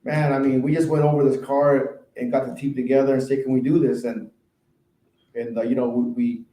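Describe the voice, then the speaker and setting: A man's voice: mid-range voice, level tone, brisk, warm tone. A man guest on a podcast, a car painter, telling rambling, laid-back stories in casual chat. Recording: roomy echo.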